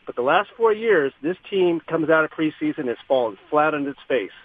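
Male caller, high voice, rapid rant, tinny phone audio. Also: animated, slightly rough. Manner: rapid ranting argument. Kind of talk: sports radio call-in.

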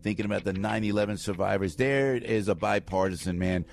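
A man's voice: on the low side, a little fast, gravelly. A man with a New Jersey accent hosting a morning radio show, telling stories and slipping into impressions. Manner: animated storyteller, slips into impressions. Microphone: studio microphone.

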